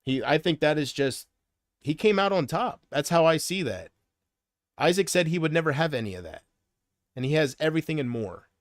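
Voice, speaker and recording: A man's voice: a little high, lively intonation, moderate pace, no echo, studio quality. A man chatting casually on a livestream, rambling from thought to thought and often trailing off.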